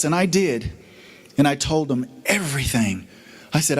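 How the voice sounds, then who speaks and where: A man's voice: fairly high pitch, lively intonation, moderate pace. A middle-aged man giving an inspirational sermon as a guest speaker, telling his story dramatically and acting out the voices in it.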